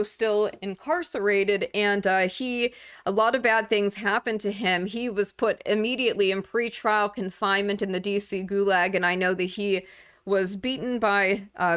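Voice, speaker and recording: A woman giving casual, indignant commentary over video clips, speaking emphatically with frequent filler pauses. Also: mid-range voice, a bit bright, clean tone.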